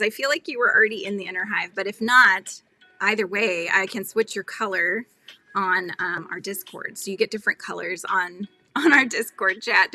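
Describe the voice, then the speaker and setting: A woman's voice: mid-range voice, sharp tone, no echo. A woman in her forties hosting a casual craft livestream, chatting and greeting viewers from comments with frequent laughs and fillers. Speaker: livestream host. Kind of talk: casual live-stream chat while crafting.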